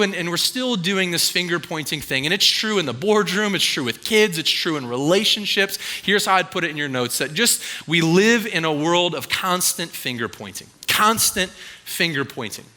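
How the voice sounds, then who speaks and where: A man's voice: sits high, expressive, normal speed, bright, forceful tone, in a large hall. A man preaching a conversational sermon in church. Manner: conversational, acts out quoted voices. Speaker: pastor.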